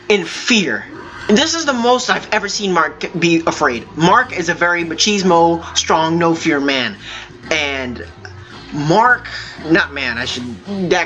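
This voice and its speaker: A man hosting a gaming video, telling a long story in a halting, rambling way with many fillers while he plays. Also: a little high, bright, forceful tone. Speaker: gaming channel host. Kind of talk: telling a story over gameplay.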